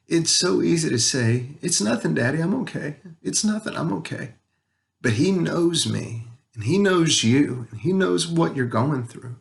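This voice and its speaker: A man sharing a heartfelt personal story about his son and his faith, talking earnestly with pauses and restarts, at times emotional. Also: mid-range voice, creaky. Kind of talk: personal spiritual reflection to camera.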